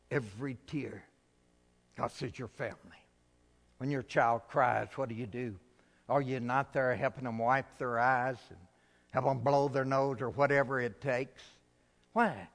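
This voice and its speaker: Middle-aged male pastor, slow deliberate preaching, bright tone, hall reverb. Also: mid-range voice. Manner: preaching with big swings from loud to hushed. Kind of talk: sermon.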